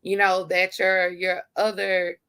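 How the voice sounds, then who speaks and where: Slow, gravelly-voiced woman host. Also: fairly low pitch, flat delivery, fairly bright tone. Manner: earnest, encouraging, with conversational fillers. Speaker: podcast host. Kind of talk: heartfelt casual chat.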